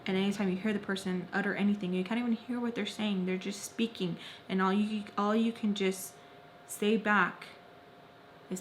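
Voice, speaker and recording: A young woman vlogger telling a personal story, repeating phrases intensely and swinging between loud and soft. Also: mid-range voice, fairly even intonation, normal speed, slight background noise. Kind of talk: emotional story-time narration.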